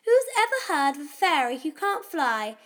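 A man's voice: very high-pitched, very animated, moderate pace, sharp tone, voice pushed up, full character voice. A male narrator voicing a sweet-seeming but secretly sinister little girl, chirpy and sing-song. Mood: cheeky.

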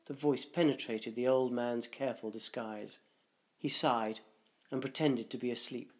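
A man reading a dark short story aloud, in a measured, deliberate narration. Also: mid-range voice, fairly even intonation.

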